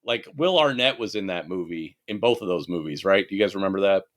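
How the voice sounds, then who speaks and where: A man with a bright, forceful voice rants his way through a relaxed podcast conversation. He swears freely and gets animated as he goes off on a tangent. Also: low-pitched, fast. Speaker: podcast co-host. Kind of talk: casual chat.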